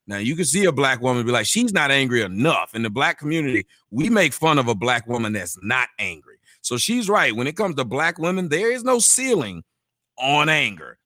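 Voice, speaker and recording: A man who is a podcast guest, speaking emphatically in quick bursts and often repeating words. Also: mid-range voice, sing-song, bright, forceful tone, no room sound, clean studio sound. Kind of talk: conversational interview.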